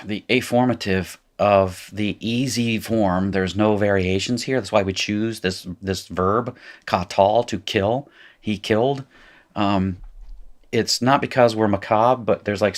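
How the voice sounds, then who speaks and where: A man with an Appalachian accent from North Carolina, teaching a recorded lesson in a relaxed way that corrects itself as he goes. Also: fairly low pitch, a little slow. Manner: casual, self-correcting explainer who laughs at his slips. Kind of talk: recorded lecture.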